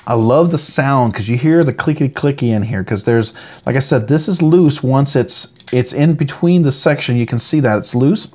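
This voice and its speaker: A man talks through a knife review in a relaxed, chatty way. He rambles, restarts his sentences and gushes with enthusiasm. His voice sits at an ordinary, middling pitch. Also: moderate pace. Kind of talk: casual product review.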